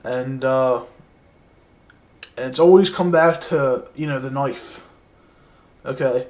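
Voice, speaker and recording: A man in his twenties telling a story casually to the camera, soft-spoken and rambling, with many fillers. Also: mid-range voice, slow.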